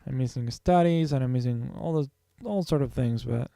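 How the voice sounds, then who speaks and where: A man's voice: mid-range voice, moderate pace, vocal fry, dark tone, no room sound, studio quality. A man streaming his drawing, talking casually to himself and his viewers in a rambling, self-correcting way. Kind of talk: casual thinking-aloud while drawing.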